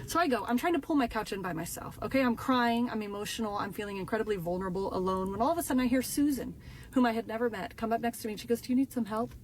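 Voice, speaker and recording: A woman's voice: a little high, very fast, a little hiss or hum. Young woman telling a punchy comedic story. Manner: animated, punchy, dramatic asides. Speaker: storyteller in a social media video.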